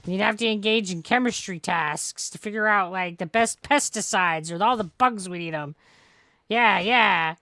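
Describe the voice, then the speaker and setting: A woman's voice: mid-range voice, normal speed, bright, forceful tone, no room sound. A woman streamer chatting through a farming game, rambling and joking with plenty of swearing. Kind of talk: casual gameplay commentary.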